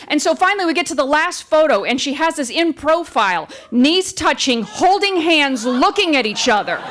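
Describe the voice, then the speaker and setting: A woman tells a funny personal story with wry, animated delivery. Her voice sits high and swings widely in pitch as she builds each beat. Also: moderate pace. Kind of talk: live comic storytelling.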